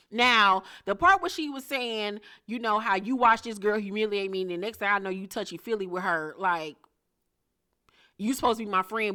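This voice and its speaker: Blunt, sassy woman recapping reality TV. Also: bright, forceful tone. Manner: blunt, profane, sassy, swings into high shocked exclamations. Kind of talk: casual recap commentary.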